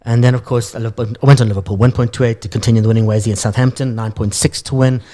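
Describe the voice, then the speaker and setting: A man's voice: mid-range voice, steady tone, very fast, mellow. A man co-hosting a sports radio show, chatting casually and poking fun at his own bets. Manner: chatty, self-deprecating about his bets.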